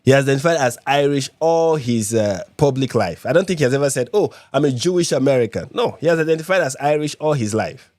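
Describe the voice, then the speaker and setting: A man's voice: mid-range voice, animated, quick pace, a little mellow, no room sound. A man from Nigeria hosting a live reaction stream, repeating his points with emphasis and many fillers. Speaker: livestream host.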